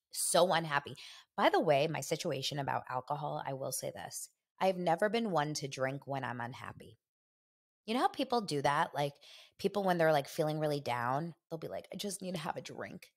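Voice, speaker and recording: A woman hosting a podcast, gossiping in a chatty, animated and opinionated way. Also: deep voice. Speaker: podcast host. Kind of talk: casual gossip chat.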